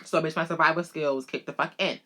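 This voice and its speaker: A woman with a bright, forceful voice, pitched a little low for a woman, telling a personal story straight to her viewers. She talks in a casual, animated rush, swearing freely and calling her listeners girl. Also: fairly quick. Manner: animated, profane, addresses listeners as girl and bitch. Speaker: storyteller vlogger.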